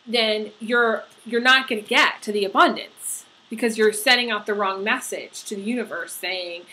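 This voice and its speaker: Woman tarot reader, earnest and searching, bright, clear tone, faint hiss behind. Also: medium pitch, low-quality recording. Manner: earnest, halting, many fillers and restarts. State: getting emotional. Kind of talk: tarot horoscope reading.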